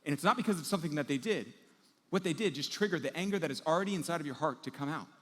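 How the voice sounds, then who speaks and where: A man preaching a sermon as pastor, telling everyday scenes with lively acted-out moments. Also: a little high, rapid-fire, long reverb tail. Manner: animated storytelling, acting out everyday scenes.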